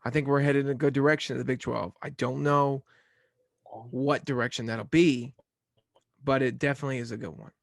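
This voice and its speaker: Young guy hosting a sports show, laid back and rambly, kinda gravelly, dry room. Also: mid-range voice, fairly even intonation, brisk, no room sound. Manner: easygoing, rambling. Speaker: podcast host. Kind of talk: casual sports chat.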